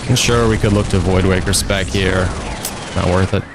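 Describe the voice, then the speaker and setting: Heavy background noise surrounds a streamer speaking at a moderate pace in a low, steady voice as he comments on his own play. His manner is wry and chatty, with frequent laughter, and he talks both to himself and to his viewers.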